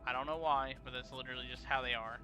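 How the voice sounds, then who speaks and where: A man's voice: mid-range voice, steady tone, fast. A young man casually commenting on a game during a live stream, laid-back and slangy, rambling between actions. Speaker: let's play streamer. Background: game music.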